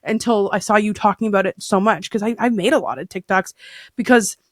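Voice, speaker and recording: A woman's voice: medium pitch, brisk, no echo, studio quality. A woman in her thirties chatting candidly as a podcast guest, rambling with fillers and restarts. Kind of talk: candid casual chat.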